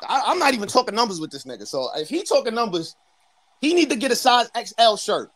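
A man from New York with a New York accent, trash-talking loudly and boastfully as a guest on a livestream call. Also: very high-pitched, sing-song, fast. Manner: brash, boastful, loud. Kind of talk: heated livestream trash talk.

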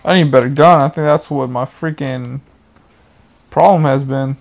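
A man's voice: mid-range voice, moderate pace, creaky, lo-fi sound. A young adult man ranting and cursing angrily while commentating his own gameplay. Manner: angry profane ranting. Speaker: gamer. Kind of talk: game commentary.

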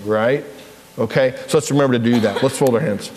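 A man leading a children's lesson in church as pastor, animated and asking the children questions. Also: medium pitch, quick pace. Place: church sanctuary. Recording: echoey church hall.

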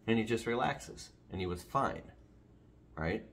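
A man's voice: fairly low pitch, expressive, takes it slowly, pushed and bright. A man vlogging casually about his dog, talking in a rambling way, jumping off topic and restarting sentences, filmed on a phone at home. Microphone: phone camera.

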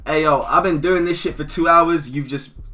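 A young man chatting with strangers on a video chat site. He talks loudly and excitably, swears a lot, and keeps bursting into shouts. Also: on the high side, normal speed, soft background music. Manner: loud, excitable and profane, breaking into shouts and laughter.

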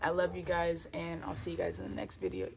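A woman's voice: fairly low pitch, sing-song, brisk, gravelly, a little mellow, a little hiss or hum. A young woman vlogger giving an earnest personal faith testimony in her bedroom, emotional and close to tears, talking casually and repeating herself for emphasis. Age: young adult. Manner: earnest, repeats phrases, casual slang and fillers.

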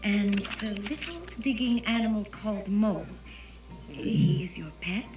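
A young regal warrior princess, voiced by a woman, curious and direct, with formal, deliberate phrasing. The voice sits at an everyday woman's pitch, and an animated-film score plays loudly underneath. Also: music in the background, natural voice. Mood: teasing.

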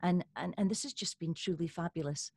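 A Scottish woman hosting an interview over a call, effusive and halting, with many fillers. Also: lowish voice, darkish tone, slightly rough, no echo, studio quality. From Scotland. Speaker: host.

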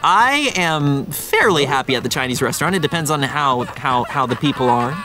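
Animated young man telling a story. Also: fairly high pitch, moderate pace, a crowd in the background. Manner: animated storyteller, quotes people, says "like" and "bro" a lot. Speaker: let's play host. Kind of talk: casual gaming chat.

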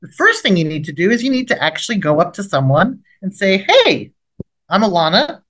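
A middle-aged woman, a trauma expert leading a training webinar, gives an instructional lecture on first aid for the mind with role-played examples. Her medium-pitched, husky voice is fast and lively, rising sharply when she acts out short, gentle approach lines.

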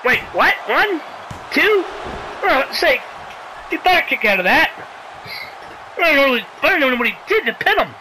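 High, bright, excitable game commentator. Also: normal speed, long pauses, slight background noise, rough recording. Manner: excitable, pleads with the characters and yells at big moves; sarcastic asides and mild swearing. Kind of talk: playful play-by-play commentary of a wrestling video game.

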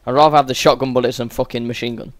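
A man's voice: mid-range voice, fairly even intonation, racing, no room sound. A man giving sweary, exasperated running commentary over a video game as a gaming channel host. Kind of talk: let's-play game commentary.

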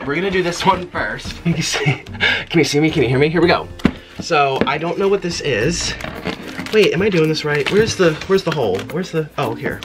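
Excitable man, gushing vlog chatter. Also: a little high. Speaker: mukbang host. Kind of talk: casual vlog chat while unboxing and eating. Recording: noticeable background noise.

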